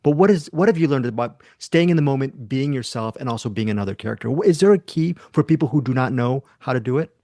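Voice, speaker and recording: A man interviewing an actress and asking quick, probing questions. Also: medium pitch, expressive, mellow, dry recording, clean studio sound.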